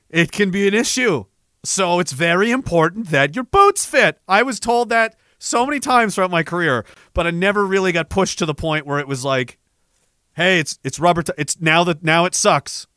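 A man's voice: high-pitched, moderate pace, bright, forceful tone, clear, resonant tone, no room sound, studio quality. A man in his twenties, a military veteran, casually telling a profane, self-mocking story and laughing often.

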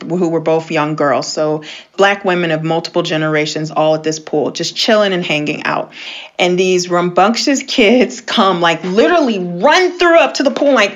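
A woman with a slightly low-pitched voice tells a personal story as a guest in relaxed conversation. She talks animatedly, filling her sentences with "like" and sweeping her pitch up high to stress a point. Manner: animated, many filler "like"s, swoops up in pitch for emphasis. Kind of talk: casual storytelling.

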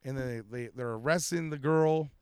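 A man's voice: medium pitch, moderate pace, smooth, no room sound, clean studio sound. A man telling a wild story in casual podcast chat, rambling and swearing, full of "like" and "dude". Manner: profane, rambling, animated storytelling with lots of "like" and "dude". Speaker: storyteller guest.

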